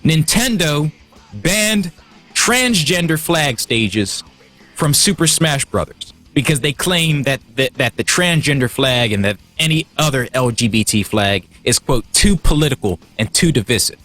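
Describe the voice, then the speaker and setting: A man's voice: fairly high pitch, expressive, unhurried, sharp tone, soft background music. A man hosting a livestream, heated and profane, stumbling over restarts as he gets worked up. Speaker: livestream host. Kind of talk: casual livestream rant.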